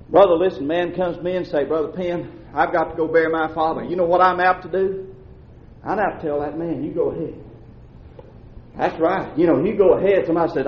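Preacher man, high voice, goes loud then drops low, roomy muffled church recording. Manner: preacherly, swings from shouting to low asides. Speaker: pastor. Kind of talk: sermon.

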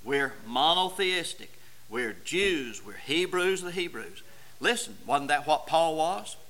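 Male preacher, high-pitched, slow and emphatic, sermon delivery. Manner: swings between quiet explaining and loud emphatic preaching.

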